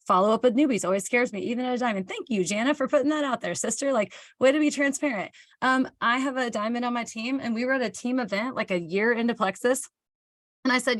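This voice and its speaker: A woman's voice: on the high side, brisk, dry recording, studio quality. A woman from Kansas, hosting a motivational live talk for her team, chatty and candid, answering viewer comments and acting out bits of dialogue. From Kansas, United States.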